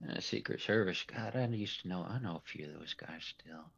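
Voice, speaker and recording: A man's voice: low voice, normal speed, gravelly, fairly bright tone, slightly rough, highs cut off. A man running a tabletop role-play as game master, talking in a loose, rambling way and laughing often.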